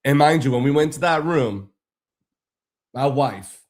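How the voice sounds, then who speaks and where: A man's voice: mid-range voice, animated, unhurried, darkish tone. A man casually telling a long, frustrated story on a live stream, rambling and swearing freely.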